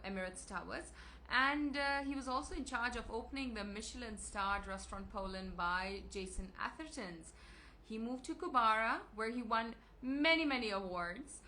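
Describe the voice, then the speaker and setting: A woman's voice: on the high side, pushed and bright, a little hiss or hum, poor audio. A woman hosting an interview show, speaking eagerly and admiringly, with a few stumbles. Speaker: host. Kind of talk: hosted interview chat.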